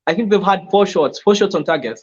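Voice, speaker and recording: An excitable man with a fairly high voice argues football on a casual panel, stumbling over and repeating words as he goes. His audio sounds dull and lo-fi. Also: fast talker, husky. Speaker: fantasy football pundit.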